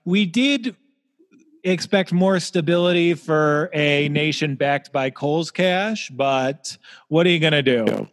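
A man with a slightly high voice hosts a casual comedy podcast. He delivers dry, wry jokes while reading out figures. His voice carries a long, hall-like reverb. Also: slow pace. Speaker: podcast host.

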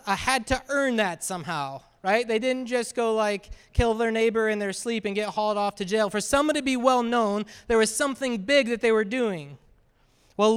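A man's voice: high voice, a bit bright, clean tone. A man preaching a sermon as a pastor, talking conversationally and often asking the congregation "right?". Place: church sanctuary. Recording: reverberant hall.

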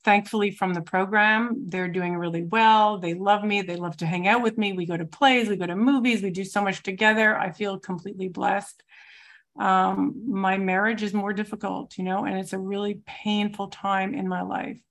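A woman in her forties, a twelve-step program member, gives a personal recovery testimony in a reflective, searching way, often pausing with soft fillers. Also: medium pitch, steady tone.

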